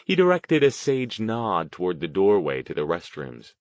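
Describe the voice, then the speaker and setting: Brief: male audiobook reader, lowish voice, animated delivery, dry close sound. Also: normal speed, no echo. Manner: expressive storytelling. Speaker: audiobook narrator. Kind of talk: scripted narration.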